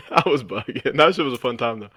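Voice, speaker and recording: Man, fast talker, slangy, excited podcast guest. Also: medium pitch, husky, dry recording. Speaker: podcast guest, former esports pro. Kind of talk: casual chat.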